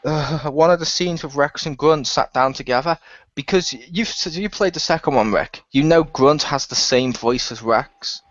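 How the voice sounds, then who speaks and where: A man hosts a gaming podcast and rambles through an animated story, laughing often. His voice sits a little high. The recording is muffled and lo-fi, with a dry room. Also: moderate pace, no echo. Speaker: podcast host. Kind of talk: casual chat.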